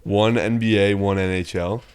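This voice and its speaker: A man's voice: lowish voice, fairly even intonation, normal speed, a little mellow, clean tone. A man co-hosting a sports betting podcast, talking in a laid-back way, laughing a lot and swearing casually. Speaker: podcast co-host.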